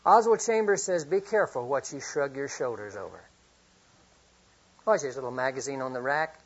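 A middle-aged man preaching a sermon, earnest, reading scripture often and swinging from loud to hushed. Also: mid-range voice, lively intonation, normal speed, breathy edge. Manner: reads scripture aloud often. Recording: dull lo-fi recording.

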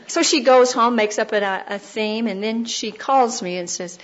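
A woman's voice: on the high side, fairly even intonation, normal speed, hardly any pauses. Storytelling woman preacher, dull lo-fi sound. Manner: anecdotal, with dry humor and acted-out quotes. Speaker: Christian speaker. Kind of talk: storytelling sermon.

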